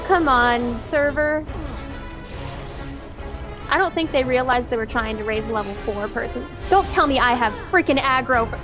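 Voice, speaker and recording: A woman streaming an online game, chatting casually with friends, excitable and quick to laugh and whoop. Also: high-pitched. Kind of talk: casual gaming chat with friends. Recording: game music behind the voice.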